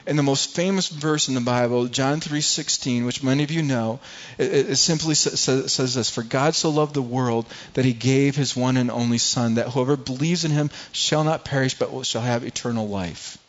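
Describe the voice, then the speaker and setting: A man's voice: medium pitch, moderate pace, few pauses. A man preaching a sermon, earnest and repetitive, often restarting words and reading scripture aloud to the congregation. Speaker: pastor. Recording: dull lo-fi recording.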